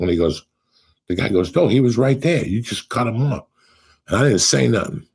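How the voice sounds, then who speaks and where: Middle-aged guy, gravelly husky voice, swearing a lot, acts out the quotes. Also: on the low side, brisk. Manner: profane, animated storyteller acting out quotes. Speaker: podcast host. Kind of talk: casual storytelling chat.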